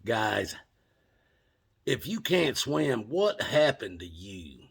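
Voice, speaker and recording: A man's voice: medium pitch, big pitch swings, slow pace, gravelly, slightly rough. A man with an Appalachian accent telling a family story in a drawling, plainspoken, folksy way. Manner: drawling, plainspoken, cusses casually.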